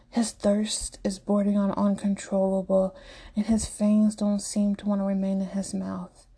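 A woman narrating a story slowly, in a hushed voice that often drops to a half-whisper. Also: medium pitch, vocal fry, breathy edge.

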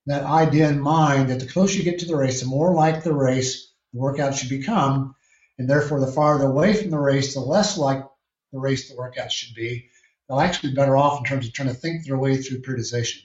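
A man, a triathlon coach, answering interview questions in a measured, explanatory way with frequent restarts. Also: mid-range voice, fairly even intonation, darkish tone. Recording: echoey distant lo-fi call.

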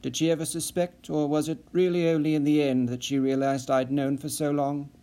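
Playing a seasoned, shrewd spy, a male narrator speaks in his own everyday pitch with a dark, mellow, natural voice. The pace is brisk, the mood grave, and the delivery steady and probing, each word picked with dry, pointed care.

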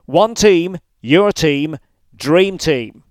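Smooth, dry-voiced male announcer. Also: fairly high pitch, lively intonation, drawn-out words, no echo. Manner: smooth, polished promotional delivery. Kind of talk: scripted ad read.

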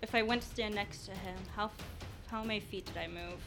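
A woman's voice: medium pitch, a little fast, over music. A woman playing a tabletop game, chatty and hesitant, laughing between questions. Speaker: player.

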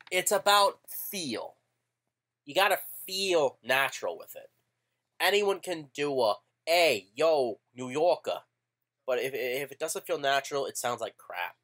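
A man co-hosting a podcast in casual chat, animated and opinionated, swearing offhand. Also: a little high. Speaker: podcast co-host.

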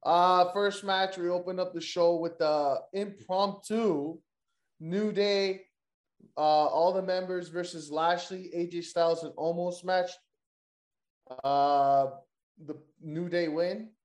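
A man hosts a casual wrestling podcast. His voice sits a little higher than most men's and rings in an echoey room. He jokes, curses freely and keeps the chat loose. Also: steady tone, takes it slowly, darkish tone. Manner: loose, joking, profane banter. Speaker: podcast host.

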